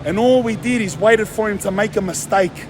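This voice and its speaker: A man's voice: high voice, normal speed, background noise. A young Australian man ranting casually in a blunt, heated, mocking way, swearing often. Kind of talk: casual rant.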